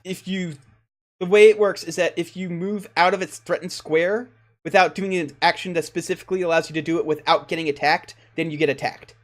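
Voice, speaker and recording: A man running a tabletop game, his voice sitting a bit high. He lays out the rules patiently and laughs easily. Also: steady tone, fairly quick. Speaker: dungeon master.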